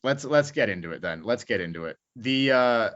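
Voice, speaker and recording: A man's voice: mid-range voice, animated, fairly quick, a bit bright. A man co-hosting a podcast, talking bluntly and with lots of swearing in casual chat. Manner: blunt, profane, worked up. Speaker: podcast co-host. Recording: muffled lo-fi podcast audio.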